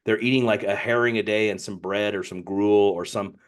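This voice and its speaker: A man's voice: fairly low pitch, steady tone, a little fast. A man co-hosting a book podcast, talking casually and rambling, often repeating words as he restarts. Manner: rambling, repeats words, reads passages aloud. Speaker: podcast co-host.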